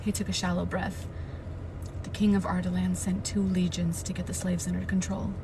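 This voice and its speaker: A woman on a live stream, reading a novel aloud and breaking into loud, panicked reactions and swearing, from inside a car. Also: on the low side, level tone, moderate pace, noisy background.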